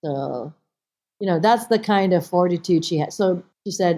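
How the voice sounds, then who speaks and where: At a normal speed and a fairly low pitch, an actress guesting on a podcast shares stories with real animation. The interview is casual, and she acts out pieces of the conversations she describes.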